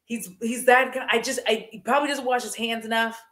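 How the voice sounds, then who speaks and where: A woman's voice: on the high side, steady tone, a little fast, fairly bright tone, reverberant. A young adult woman vlogging at home in a casual, gossipy chat, rambling with lots of fillers and frequent giggles. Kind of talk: casual chat while decluttering. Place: room at home.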